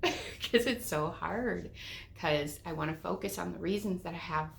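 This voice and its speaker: Low, gravelly woman teaching spiritual ideas. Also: fairly even intonation, moderate pace. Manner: candid, swears casually. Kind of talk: casual spiritual teaching monologue.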